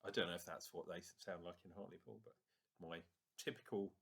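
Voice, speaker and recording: A man's voice: deep voice, a little fast, creaky, a bit bright, slightly rough. A man with a northern English accent, rambling casually through a beer review vlog and swearing now and then.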